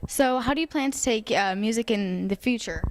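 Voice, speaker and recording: A teenage girl interviewing a classmate, reading questions in a flat, quick way. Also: fairly high pitch, slight background noise. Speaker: student interviewer.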